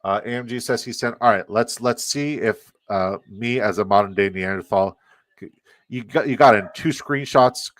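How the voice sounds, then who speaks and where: A man's voice: fairly low pitch, moderate pace, fairly bright tone, no room sound. A man with a Canadian accent, hosting a live fantasy football stream, rambling and swearing as he reacts to chat.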